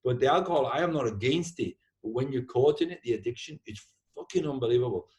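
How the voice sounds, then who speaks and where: Animated swearing male podcast host. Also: medium pitch, fast talker. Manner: animated, swears freely, says "man" a lot. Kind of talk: casual heartfelt chat.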